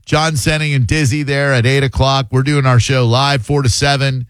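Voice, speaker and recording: A male sports radio host in loose, rambling banter, often tripping over and restarting his words. His voice sits at a middle pitch and is recorded dry and close on a studio mic. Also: fairly even intonation, normal speed, smooth, no echo.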